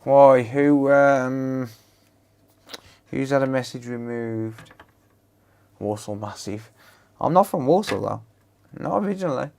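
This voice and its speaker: A man's voice: mid-range voice, slow pace, gravelly, long pauses. A man repairing consoles on a live stream, chatting casually and joking with his viewers. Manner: relaxed, joking, chats with viewers. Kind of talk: casual livestream chat while working.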